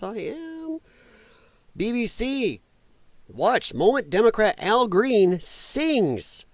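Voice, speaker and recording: A high-pitched American man hosts a livestream, ranting casually as he reacts to clips with blunt, profane, sarcastic commentary. There's no echo on his voice.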